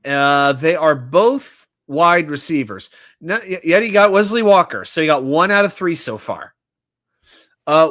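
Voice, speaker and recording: A man hosting a casual sports talk livestream, running trivia and reading viewer comments aloud with a joking manner. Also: a little high. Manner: animated, reads viewer chat aloud and jokes. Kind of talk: casual live-stream chat running trivia.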